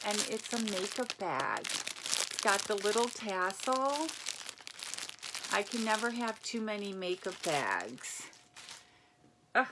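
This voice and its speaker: A woman chatting casually as she unboxes a gift package, reading labels aloud and reacting with excitement. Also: medium pitch, slow pace, pauses often, background noise. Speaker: unboxing vlogger. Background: crinkling packaging.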